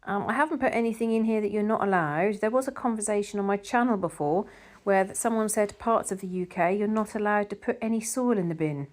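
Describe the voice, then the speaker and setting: A woman's voice: mid-range voice, fairly quick, few pauses. Chatty woman garden vlogger. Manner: chatty, rambling with fillers. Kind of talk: casual vlog narration.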